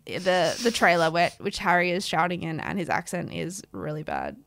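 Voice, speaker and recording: A woman's voice: on the low side, very animated, normal speed, gravelly, background noise. A young woman co-hosting a podcast in casual chat, playful and chatty, who acts out the quotes she tells. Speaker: podcast co-host.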